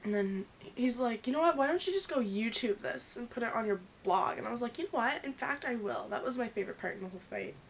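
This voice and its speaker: A young woman in her twenties talks straight to the camera, telling a story in a loose, rambling vlog. Her voice sits a little high, and she fills her telling with "like" and acts out the quoted lines. A faint hiss runs under the recording. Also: quick pace, few pauses. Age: young adult. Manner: rambling, animated retelling full of "like" and quoted dialogue. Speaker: vlogger.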